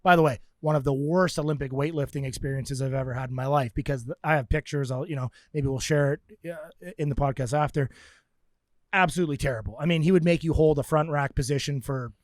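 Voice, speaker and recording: Animated storytelling man, dry close sound. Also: a little high, fast talker, dry recording. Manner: animated storyteller, acts out quotes. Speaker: podcast co-host sharing training stories. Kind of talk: casual podcast chat.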